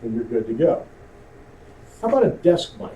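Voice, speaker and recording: Very animated, with a mid-range, dark-toned voice and a moderate pace, this amateur radio instructor teaches a radio communications class at a club meeting. He keeps things conversational and asks the audience questions, heard in a roomy, distant recording with faint hiss.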